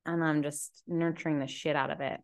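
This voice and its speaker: A young woman with a stuffy cold and low energy, talking to camera in a slow, reflective personal monologue with many fillers, seated indoors in a chair. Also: steady tone, no room sound, clean studio sound. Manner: slow, slumped, soft-spoken musing with many fillers. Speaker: podcast host and tarot reader.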